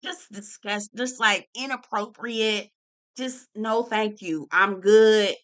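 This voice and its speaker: Sassy, blunt woman with a bright voice. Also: medium pitch, slow pace. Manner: sassy, blunt, profane, calls everyone "girl". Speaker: reality TV reviewer. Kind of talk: casual commentary vlog.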